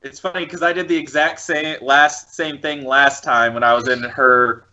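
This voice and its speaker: A man describes his character casually and rambles, with frequent fillers. His voice is bright and pressed, and the audio sounds dull and lo-fi. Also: fairly high pitch, steady tone, moderate pace. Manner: rambling, chuckling. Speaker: player. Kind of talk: casual tabletop role-play.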